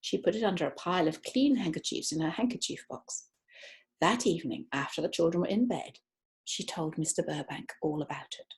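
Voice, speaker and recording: A woman narrating a children's book, expressive and stretching words for effect. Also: on the low side, a little fast. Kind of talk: children's audiobook reading.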